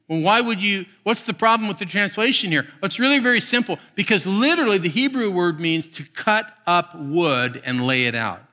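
A male pastor delivers a sermon in a bright, slightly high voice. He moves between soft, drawn-out phrases and quick, emphatic bursts. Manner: expressive, swings from hushed to emphatic.

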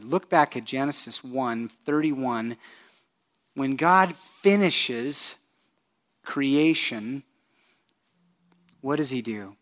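A man preaching a sermon as pastor, asking the congregation direct questions and swinging from hushed, slow lines to loud, emphatic ones. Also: mid-range voice.

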